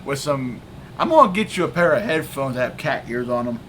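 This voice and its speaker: A man's voice: medium pitch, very animated, brisk, a bit bright, a little hiss or hum. A man hosting a casual livestream chat, joking and teasing, laughing at his own lines. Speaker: streamer, host.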